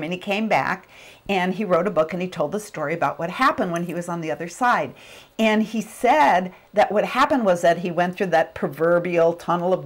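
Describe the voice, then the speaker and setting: A middle-aged woman giving a motivational talk, telling a personal story and acting out the quotes. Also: fairly low pitch. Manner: animated storyteller, acts out quotes. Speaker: motivational speaker.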